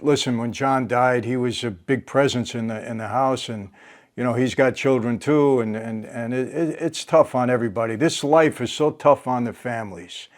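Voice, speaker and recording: An older man hosting a casual interview, talking haltingly with many fillers and restarts. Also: mid-range voice. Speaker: host.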